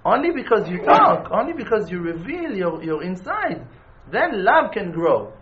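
A man giving an informal spiritual lesson in an animated way, repeating phrases for emphasis and restarting words mid-phrase. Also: high-pitched, moderate pace, phone-quality sound. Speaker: religious teacher.

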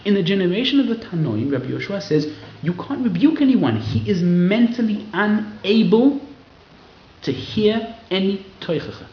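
A man giving a lively Torah class to a live audience, acting out quoted people in raised voices. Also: high-pitched, normal speed. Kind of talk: lively sermon-style Torah lecture. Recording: roomy, slightly dull hall recording.

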